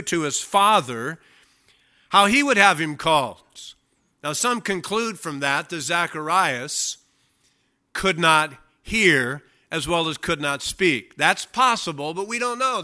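A man delivers a sermon with a very bright, tense edge to his voice. He sits a little high in pitch for a man. He reads scripture aloud and leans on key lines by slowing down hard. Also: animated. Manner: emphatic, slows down to stress key phrases. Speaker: preacher. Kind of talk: sermon with Bible reading.

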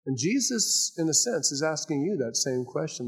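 An older man preaching a sermon as pastor, swinging between raised emphasis and hushed asides. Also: fairly high pitch, sing-song, normal speed, few pauses, husky.

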